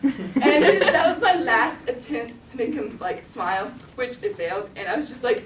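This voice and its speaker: A teenage girl tells a story live on stage, giggling a lot and peppering it with "like." Her fairly high voice has lively intonation at a normal pace, picked up by a distant mic in a roomy space with faint ambience and slight background noise.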